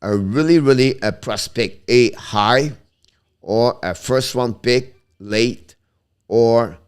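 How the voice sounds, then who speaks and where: A man with a mid-range voice and clean tone hosts a casual live stream about hockey in a Quebec French accent. When replying to viewers he's halting, often restarting his sentences and switching between English and French.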